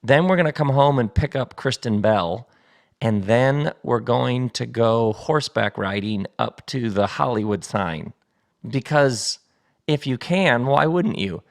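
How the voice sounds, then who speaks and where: Gravelly-voiced man chatting from his kitchen. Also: mid-range voice, expressive, measured pace. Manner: chatty and playful, laughs easily. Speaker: podcast host. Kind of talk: casual solo podcast monologue. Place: home kitchen table. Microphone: studio mic set up at the table.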